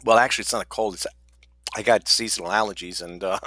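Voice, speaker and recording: A man's voice: fairly low pitch, steady tone, fast talker, sharp tone, no echo. A man hosting his own podcast, talking casually and rambling with lots of fillers and restarts. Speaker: podcast host. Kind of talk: casual solo podcast talk.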